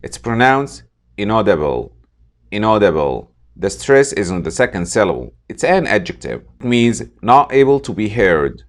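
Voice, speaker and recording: A man teaching English vocabulary, saying each word slowly and repeating it for pronunciation. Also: mid-range voice, sing-song. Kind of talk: scripted vocabulary lesson.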